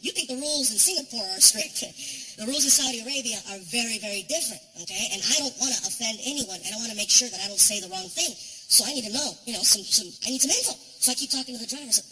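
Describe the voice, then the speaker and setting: A male comedian telling a long story on a live stage, animated and acting out the scenes. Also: racing, a crowd in the background, low-quality recording. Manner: animated, swings in pitch, acts out scenes. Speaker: stand-up comedian. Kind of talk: stand-up storytelling.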